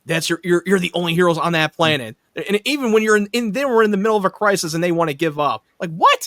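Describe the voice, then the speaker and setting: A blunt, opinionated man in a casual movie chat who swears now and then. His voice is a bit higher than most men's. It is recorded close and dry, with no room sound. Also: lively intonation, fast, a bit bright, no echo. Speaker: podcast co-host.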